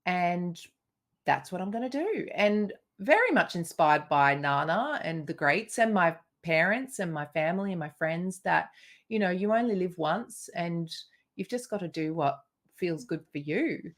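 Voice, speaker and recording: A woman speaks on a podcast in a fairly low voice. She tells her story thoughtfully and unhurriedly, filling her pauses with um and you know. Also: animated. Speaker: podcast co-host and singer. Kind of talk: casual chat.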